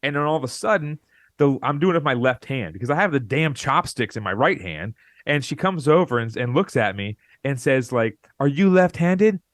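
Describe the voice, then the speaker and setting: A man's voice: medium pitch, fairly quick, no echo. Man telling a rambling story, dry sound. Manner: rambling, animated, acts out quoted lines. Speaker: podcast co-host. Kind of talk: casual storytelling chat.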